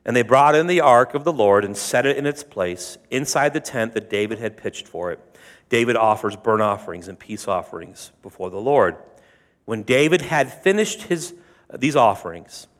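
A man's voice: medium pitch, animated, normal speed, long reverb tail. A man preaching a sermon, retelling scripture in a conversational, joking way with asides to the congregation. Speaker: pastor.

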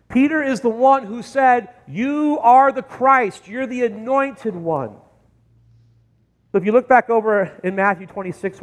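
A male pastor preaching a sermon in a church, talking in an animated way with sudden jumps in pitch and loudness. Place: church sanctuary. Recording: long hall reverb.

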